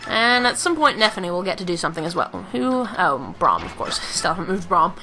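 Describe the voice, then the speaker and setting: A woman's voice: lowish voice, big pitch swings, fairly quick, pushed and bright, soft background music. A woman giving casual, rambling gameplay commentary, joking at her own expense and giggling often. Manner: rambling, self-mocking, giggly. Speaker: let's play commentator.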